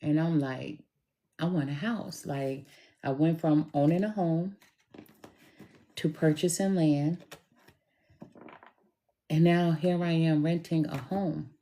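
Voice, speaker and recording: Middle-aged woman, low mellow voice, unhurried storyteller talking straight to camera. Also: steady tone. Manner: slow, deliberate and emphatic, addresses listener directly. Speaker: tarot reader telling a personal story. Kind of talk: casual storytelling monologue.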